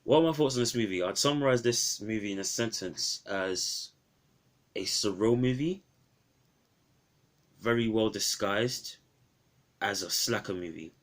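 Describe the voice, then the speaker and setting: A man's voice: on the low side, unhurried, long pauses. A man reviewing an old film in a casual, rambling vlog, often restarting his phrases.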